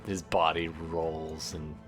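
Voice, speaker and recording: This man runs a tabletop game for his players in a low, easy voice. He talks casually and warmly apologetic, narrating scenes between banter. Soft music plays quietly beneath him. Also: takes it slowly. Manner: relaxed, apologetic, chatty narration. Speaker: game master. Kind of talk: running a tabletop game on a livestream.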